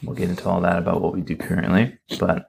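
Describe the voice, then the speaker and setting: A man's voice: deep voice, little pitch movement, fast, gravelly, a little mellow, a little hiss or hum. A man co-hosting a casual chat podcast, with a dry, teasing way of reacting to stories. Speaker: podcast co-host.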